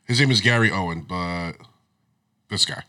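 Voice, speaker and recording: A man co-hosting a podcast, an animated storyteller who chats casually, swears and laughs often. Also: sits low, moderate pace. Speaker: podcast co-host. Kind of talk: casual chat.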